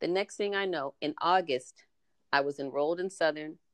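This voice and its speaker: A woman's voice: sits low, normal speed, no room sound, clean studio sound. A middle-aged woman, a podcast guest, telling stories in a casual chat and acting out the lines of people she quotes. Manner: storytelling, acts out quoted dialogue.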